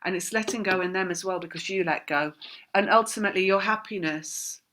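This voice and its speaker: A woman talks through a spiritual tarot reading in a bright, clear voice. She wanders from thought to thought and repeats words in long chains. Now and then she laughs at herself and says sorry for the way she talks. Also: medium pitch, a little fast, a little hiss or hum. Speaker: tarot reader.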